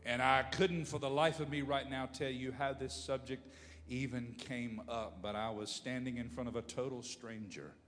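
Male pastor, impassioned sermon delivery, swings loud to low, reverberant church hall. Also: steady tone, normal speed. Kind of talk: sermon with prayer.

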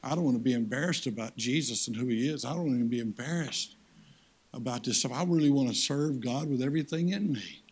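Talking a little fast with a breathy edge, an older guest speaker preaches a folksy sermon. He veers from loud, high-pitched calls to action to hushed, low entreaties.

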